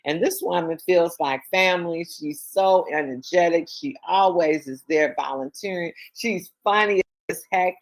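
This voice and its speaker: A woman's voice: on the low side, unhurried, few pauses. Encouraging woman leading a team call. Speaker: team leader hosting a company call. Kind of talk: motivational online team meeting. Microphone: video call.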